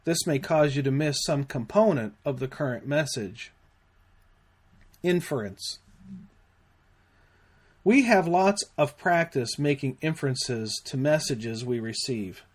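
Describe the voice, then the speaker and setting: A man narrating a scripted safety lesson in a measured, deliberate way. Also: a little high, animated. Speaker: safety trainer.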